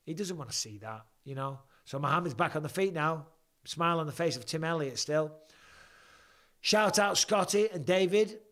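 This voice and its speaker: Middle-aged bloke chatting on a live stream, answers the chat, drops swears, voice sits a bit high. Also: male voice, a bit bright. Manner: chatty, swearing, reads out viewer questions. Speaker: host. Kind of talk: casual live-stream chat and fight commentary.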